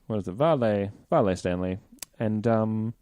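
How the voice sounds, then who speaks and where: A man's voice: lowish voice, normal speed, dark tone, smooth, dry recording. A man co-hosting a podcast in casual banter, self-mocking while he reads out the plugs and sign-off. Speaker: podcast co-host.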